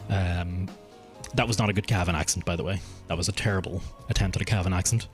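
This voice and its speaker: A man's voice: low-pitched, fairly even intonation, fast talker, soft background music. A man with a mild Irish accent, chatting casually and rambling while streaming a game, swearing freely. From Ireland. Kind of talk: casual live-stream chat while gaming.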